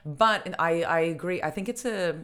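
A woman from Australia co-hosting a podcast, rambling in casual chat with frequent restarts and quick laughs. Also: lowish voice, a bit bright. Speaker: podcast co-host.

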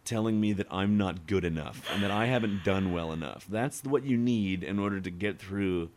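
Deep-voiced man telling work stories. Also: normal speed, slight background noise. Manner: animated storyteller, acts out customers. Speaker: podcast guest. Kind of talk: casual chat over beers.

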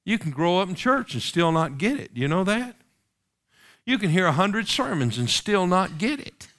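A man's voice: a little high, sing-song, normal speed, fairly bright tone. A man preaching a sermon, reading King James scripture aloud and pressing the congregation with rhetorical questions.

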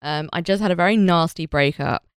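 A woman chats casually as a podcast co-host. Her voice sits a little low and is recorded very dry and close. She tells stories in a wry, animated way. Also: fairly quick, clear, resonant tone, dry recording. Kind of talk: casual chat.

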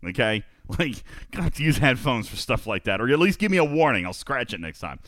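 A man hosting a live gaming podcast, energetic and emphatic, often repeating phrases for effect and talking directly to his co-host and listeners. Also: medium pitch, fast talker, no echo, studio quality.

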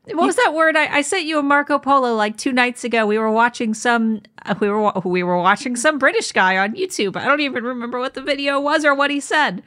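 A woman's voice: high-pitched, brisk, hardly any pauses, a bit bright. Chatty co-host: a woman in her thirties who rambles and restarts, loose and casual. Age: 30s. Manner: rambling, many fillers and restarts. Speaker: podcast co-host. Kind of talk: casual chat.

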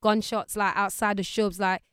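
A woman appears as a guest in a casual interview, lively and acting out the voices of the people she quotes. Her mid-range voice is clear and resonant at a normal speed, recorded dry with clean studio sound.

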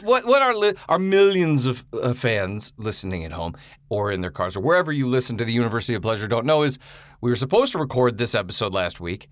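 Excitable rambling man on a video call. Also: a little high, no echo, clean studio sound. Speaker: podcast co-host. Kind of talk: casual chat.

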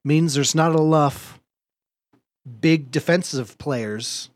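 A man hosting a podcast, telling a story in lively casual chat, laughing often and swearing now and then. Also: a little high, slow, no echo. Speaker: podcast host.

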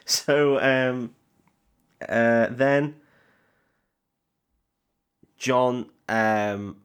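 A man's voice: medium pitch, clear, resonant tone. A young man co-hosting a podcast, recapping a film in casual chat, laughing often and swearing as he acts out scenes. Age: young adult. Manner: laughing often, sweary, retelling scenes with quick quoted voices. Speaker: podcast co-host.

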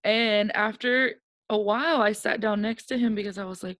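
A woman's voice: medium pitch, normal speed, no room sound. Candid woman telling an emotional story. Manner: animated storyteller who acts out quoted dialogue. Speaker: guest. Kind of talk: personal storytelling in a podcast interview.

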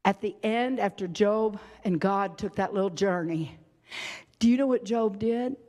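A woman's voice: mid-range voice, a little slow, mellow. A woman preacher delivering an impassioned, dramatic sermon. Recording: reverberant hall.

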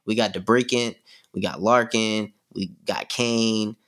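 A man's voice: lowish voice, steady tone, unhurried, fairly bright tone. A man co-hosting a sports podcast, talking loosely and profanely with lots of slang and fillers. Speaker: podcast co-host. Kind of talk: casual sports chat.

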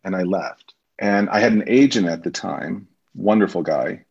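Animated man telling showbiz stories. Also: low-pitched, moderate pace, creaky, breathy edge. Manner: animated storyteller, acts out quoted voices. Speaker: podcast guest, actor. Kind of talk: casual storytelling interview. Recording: muffled lo-fi recording.

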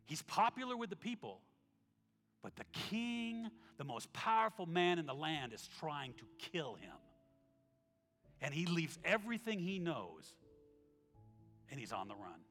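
A man preaches with a bright, slightly high voice that rises and falls across a wide range. He acts out the quotes and softens when reading scripture. The sound has a long hall reverb with faint instrumental music underneath. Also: measured pace, long pauses. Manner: animated storytelling, acts out quotes, drops to soft tones for scripture. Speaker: pastor. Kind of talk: sermon. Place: church sanctuary.

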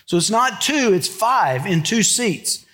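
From the pulpit, a male pastor delivers a sermon in a slightly high voice, very animated and slow-paced. He talks as if telling friends a story, then drops low and quiet for his serious points.

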